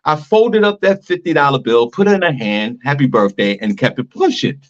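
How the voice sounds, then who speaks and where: A man's voice: a little high, very animated, moderate pace. A middle-aged man, a radio show host, telling loose stories and laughing easily in a casual comedic chat. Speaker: morning show host, guest. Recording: dull lo-fi sound.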